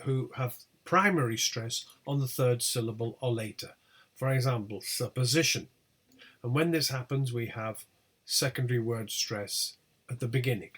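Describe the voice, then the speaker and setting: A man teaching a lecture on English word stress, speaking slowly and deliberately and over-stressing each example word. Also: mid-range voice. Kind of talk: lecture on pronunciation.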